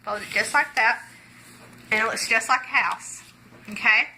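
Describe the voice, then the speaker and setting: A woman walks viewers through a paper-folding gospel trick while telling a story in a chatty, folksy way. Her voice is sharp and bright and slightly high, and faint noise sits under it. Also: normal speed, rough recording. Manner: folksy, chatty, many "okay"s. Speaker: gospel magic presenter. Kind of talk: storytelling tutorial.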